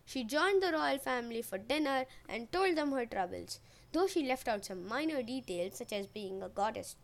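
High-voiced woman telling myths with jokes. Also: lively intonation, moderate pace, gravelly. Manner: chatty, jokey asides. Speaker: podcast storyteller. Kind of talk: casual humorous myth retelling.

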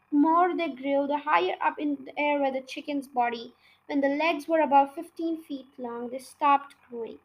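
A woman podcast storyteller reads a children's book aloud. Her narration is lively and her voice sits very high. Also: rough recording.

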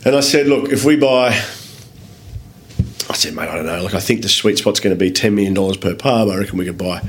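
A man with an Australian accent and a fairly low voice tells business stories as a guest in a relaxed interview. He talks in a loose, lively way, swears freely, calls people mate and acts out the voices of the people in his anecdotes. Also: brisk. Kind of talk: casual storytelling in a podcast interview.

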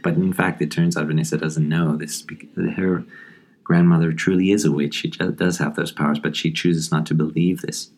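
A man hosting a podcast, talking casually about a horror comic in a thoughtful, halting way with frequent ums and restarts. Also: rumbling low, flat delivery, a little mellow. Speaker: podcast host.

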